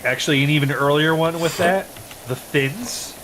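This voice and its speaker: A man's voice: a little high, moderate pace, a bit bright, a little hiss or hum, poor audio. Rambling, opinionated man on a stream. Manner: rambling, opinionated, swears freely. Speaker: streamer co-host. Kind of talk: casual chat while gaming.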